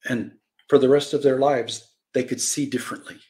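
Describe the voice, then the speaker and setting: A male preacher leads a Bible lesson in a lively, storytelling manner. His voice sits at an ordinary middle pitch. He acts out the voices of people in his stories and swings from loud cries down to quiet asides. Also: normal speed. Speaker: pastor teaching a Bible lesson. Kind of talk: sermon Bible teaching.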